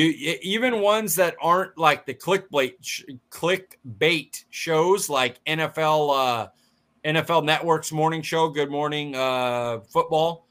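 A man co-hosting a sports podcast, fired up and blunt, mocking pundits in quick bursts. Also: fairly high pitch, fairly bright tone. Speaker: podcast co-host. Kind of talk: casual sports chat.

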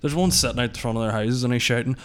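A young man with a Northern Irish accent, ranting with indignation and swearing in casual podcast chat. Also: medium pitch. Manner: quick, swearing, indignant rants. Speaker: podcast co-host.

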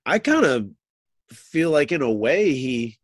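A man in casual sports conversation who thinks aloud, circling back and restarting his sentences. His voice sits a little high for a man and is recorded dry, with no room sound. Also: sing-song, takes it slowly, no echo. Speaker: sports talk co-host.

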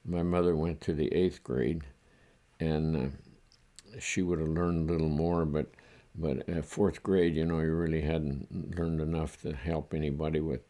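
An older man from the United States, reflecting in a halting, chuckling way during an oral history interview. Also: very deep voice, flat delivery, dark tone. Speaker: interviewee recalling his childhood.

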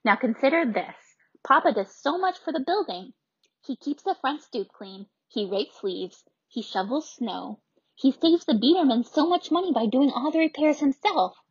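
A woman voicing a science-loving girl who insists she is right, loud and emphatic. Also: high voice, sing-song, moderate pace, slightly rough, dry recording, highs cut off, pitched above the performer's own voice, full character voice. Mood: insistent.

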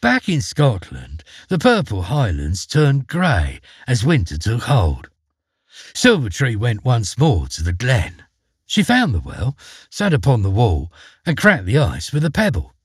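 Playful guy reading a fairy tale, voice swoops up and down a lot, husky, dry close sound. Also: medium pitch, measured pace, no echo. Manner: playful, expressive. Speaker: storyteller. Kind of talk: storybook narration.

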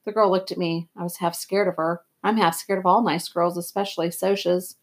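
A woman reading a novel aloud in a plain, even first-person narration. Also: lowish voice, brisk. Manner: plain, even read-aloud with throat clearing. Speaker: reader.

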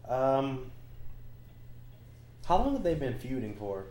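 A man's voice: medium pitch, sing-song, takes it slowly, dark tone. A man co-hosting a casual chat, easygoing and tossing in joking asides. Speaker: podcast co-host. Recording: roomy echo with faint ambience.

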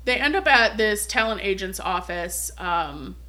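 A woman's voice: mid-range voice, animated, a little slow, pushed and bright. A woman co-hosting a podcast, casually retelling a film's plot, swearing freely and acting out the characters' lines. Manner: swears freely, acts out quotes. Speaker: podcast co-host. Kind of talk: casual chat retelling a film.

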